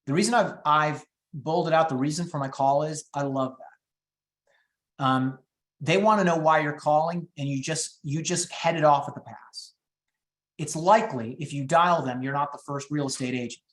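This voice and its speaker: A man coaching real estate agents on phone scripts, talking fast and upbeat and acting out the calls. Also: echoey room. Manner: high-energy, quick, acts out phone calls. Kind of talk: teaching sales scripts in a webinar.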